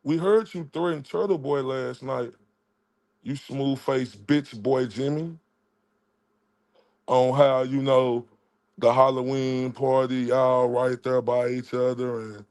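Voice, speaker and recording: A man's voice: medium pitch, steady tone, slow, a little mellow. A man, ranting confrontationally and with a lot of profanity on a livestream, mocking the people he addresses. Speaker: livestream commentator. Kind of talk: heated livestream rant.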